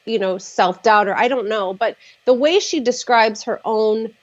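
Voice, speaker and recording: A woman therapist talking casually on a livestream video call, measured and thoughtful with frequent fillers. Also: a little high, no room sound, muffled recording. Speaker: therapist, regular guest.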